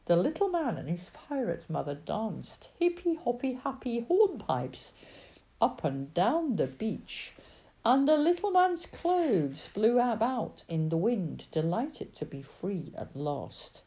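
A woman reading a children's storybook aloud in a dramatic, expressive way. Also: a little high, slow. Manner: dramatic, sing-song.

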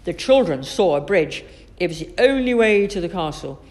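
A woman's voice: lowish voice, moderate pace. Woman reading a children's story aloud. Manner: expressive, animated storytelling. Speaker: narrator.

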